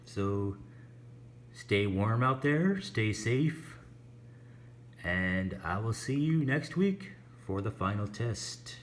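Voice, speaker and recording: Male English teacher, slow and patient, low voice with lively intonation. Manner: slow, patient explaining with drawn-out example words. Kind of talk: online English lesson.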